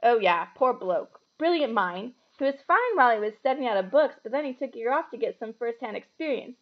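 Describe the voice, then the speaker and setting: A woman reading aloud and voicing a big, good-natured giant of a man who talks loudly and folksily. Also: extremely high pitch, animated, a little fast, dull audio. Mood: hearty. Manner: loud, hearty and folksy.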